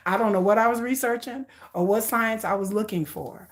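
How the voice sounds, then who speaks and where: A woman's voice: mid-range voice, brisk. A woman vlogger chatting casually with her viewers, playful and laughing often.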